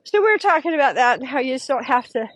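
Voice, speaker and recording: A middle-aged woman hosting a show, telling a story in a lively, casual way and often acting out the voices of the people she quotes. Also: high voice, quick pace. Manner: animated, acts out quoted voices, laughs often. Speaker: podcast host.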